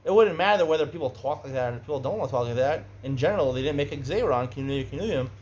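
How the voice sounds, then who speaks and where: A middle-aged man gives a Talmud study lecture, speaking conversationally and getting animated when he raises questions. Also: mid-range voice, quick pace, dull audio, a little hiss or hum. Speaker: Talmud teacher.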